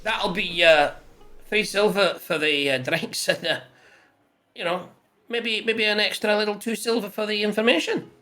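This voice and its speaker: A game master doing a gruff old tavern keeper for a tabletop game, a put-on Scottish burr sliding into Irish, halting and rambling, mind always on the silver. The pitch sits mid-range, and he hems and haws before every answer. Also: bright, forceful tone, faint music behind, natural voice. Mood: wheedling. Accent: put-on Scottish drifting Irish. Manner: hesitant, rambling, fond of coin.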